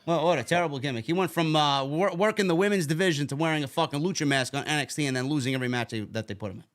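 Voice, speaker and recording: A man's voice: on the high side, rapid-fire. A man casually recapping a wrestling show, rambling and repeating words as he talks. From New York.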